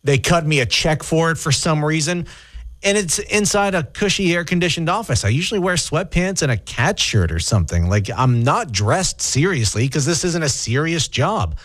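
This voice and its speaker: A man cracking jokes at his own expense on morning radio, his voice bouncing lively in pitch. He sits close to a studio mic in a dry booth. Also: moderate pace, dry recording. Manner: joking, self-mocking. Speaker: radio host. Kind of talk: casual morning radio banter. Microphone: studio microphone.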